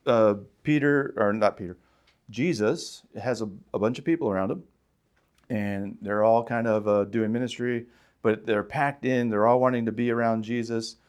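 A man preaching a sermon in a conversational way, asking his listeners rhetorical questions and rising loudly on emphatic points. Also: medium pitch, fairly even intonation, moderate pace, clean tone. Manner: conversational, with fillers and restarts. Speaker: pastor.

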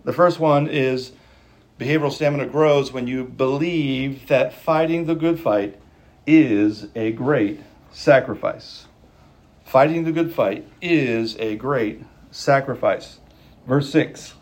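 A man preaching a sermon, emphatic and urgent, repeating key lines and changing his pace. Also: mid-range voice. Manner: emphatic, repeats lines for stress, speeding up and slowing down. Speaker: pastor.

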